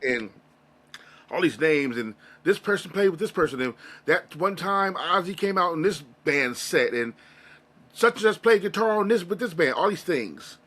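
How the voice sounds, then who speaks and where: Casting: male interview guest, higher pitch, forceful bright tone, earnest and rambling. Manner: earnest, rambling, emotional storytelling with many restarts. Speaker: interview guest, music reaction creator. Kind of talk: casual interview conversation.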